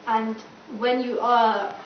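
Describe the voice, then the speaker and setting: A young female student campaigner speaks slowly in a slightly high, level voice. Her panel remarks are chatty and filler-heavy, with lots of "like" and dramatized quotes, and the room recording is distant, echoey, dull and noisy.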